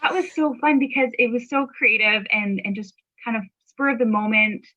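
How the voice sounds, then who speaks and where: A woman hosting a casual podcast chat with a friend, agreeable and quick to affirm. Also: a little high. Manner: warm, agreeable, lots of affirming yeahs. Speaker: podcast host. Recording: dull lo-fi audio.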